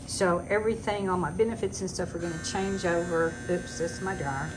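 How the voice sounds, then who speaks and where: A woman in her 60s, a former teacher, vents casually from home in a lowish voice with fairly flat intonation and moderate pacing. Talkative and fed up, she slips in sarcastic comments. There's noticeable background noise on the recording.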